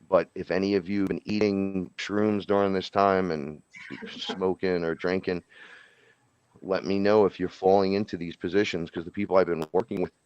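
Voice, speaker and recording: A man with a very low voice talks in a loose, profane storytelling ramble, slipping into the voices of people he quotes. The sound is dry and slightly muffled, like plain podcast audio. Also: a little mellow, clean tone, no echo. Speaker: podcast speaker. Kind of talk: casual storytelling chat.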